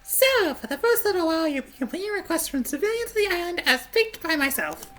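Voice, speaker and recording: A woman voicing a pushy, witchy woman who runs a request center, in a sharp, shrill put-on voice for a video game playthrough. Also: sing-song, brisk, a little hiss or hum, heavily acted. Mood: insistent. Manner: nagging, insistent.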